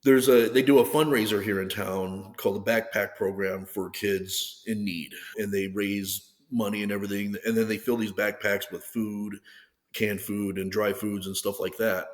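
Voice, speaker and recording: Low-voiced man in his fifties, rambling. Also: long reverb tail. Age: 50s. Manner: rambling, acts out others' lines with "and I was like". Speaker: guest athlete. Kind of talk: casual storytelling.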